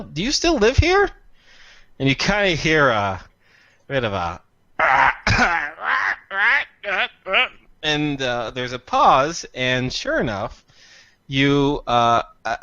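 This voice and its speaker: A man narrating as game master, rambling with frequent pauses and fillers. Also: mid-range voice, sharp tone, no echo. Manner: rambling, halting with fillers, laughing at himself.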